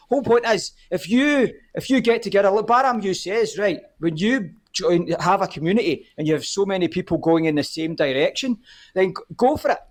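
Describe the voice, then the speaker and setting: Fired-up man ranting. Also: sits high. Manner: fired up, swearing often, repeats "the whole point is". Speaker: guest. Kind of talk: heated podcast rant.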